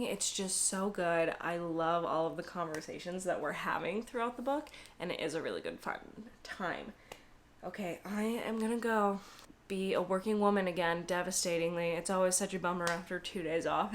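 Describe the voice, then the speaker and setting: A young woman talks through a casual reading vlog in a slightly low voice. She is teary and close to crying, but still chatty, laughing and swearing as she goes. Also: slight background noise. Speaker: book vlogger.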